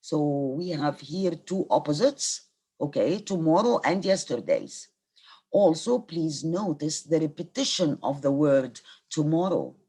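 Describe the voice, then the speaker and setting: A woman's voice: low voice, expressive, a little slow, warm tone, slightly rough. A middle-aged Egyptian woman, a native Arabic speaker, giving a university literature lecture. She reads verse aloud, then explains each line and glosses it in Arabic.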